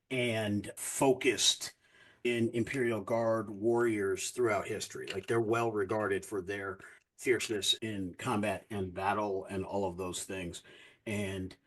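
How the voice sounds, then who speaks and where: A man narrating as game master of a tabletop game, relaxed and explanatory. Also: mid-range voice, rough recording.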